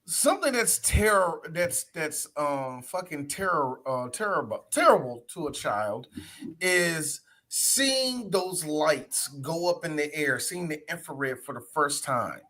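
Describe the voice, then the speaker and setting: A man in his forties co-hosting a podcast, animated and jokey, repeating himself as he talks. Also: on the high side, slow pace. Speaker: podcast co-host. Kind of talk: casual chat.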